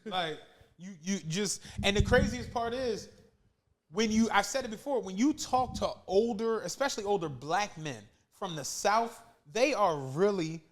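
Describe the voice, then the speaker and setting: A man with a very high voice talks casually on a podcast, loose and profane. He drops into the voices of people he's telling stories about. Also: lively intonation, a little slow. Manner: laid-back, profane, imitates people in stories. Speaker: podcast co-host. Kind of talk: casual chat.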